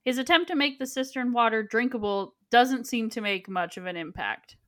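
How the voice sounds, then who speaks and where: A woman's voice: a little high, normal speed, fairly bright tone. A woman in casual podcast chat, summarizing plot in a matter-of-fact way with dry remarks.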